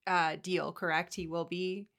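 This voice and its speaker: A woman's voice: lowish voice, flat delivery, a little slow, a bit bright. A woman co-hosting a film podcast, speaking thoughtfully with hesitant restarts. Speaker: podcast co-host. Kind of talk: casual film chat.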